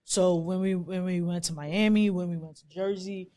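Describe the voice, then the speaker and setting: Laid-back Bermudian podcast co-host. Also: male voice, sits high, steady tone, moderate pace, dark tone. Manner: laid-back, swears freely. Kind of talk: casual podcast chat.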